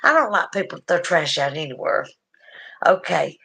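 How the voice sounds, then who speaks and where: A woman's voice: sits low, expressive, moderate pace, creaky, bright, forceful tone. A middle-aged woman with a Southern US accent, chatting folksily as she reads viewer comments aloud on her stream. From southern United States. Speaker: livestream host reading viewer comments. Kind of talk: casual chat.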